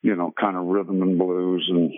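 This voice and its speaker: An older singer being interviewed, telling a long story with many fillers and restarts. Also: male voice, sits low, flat delivery, normal speed. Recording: tinny phone-line radio call.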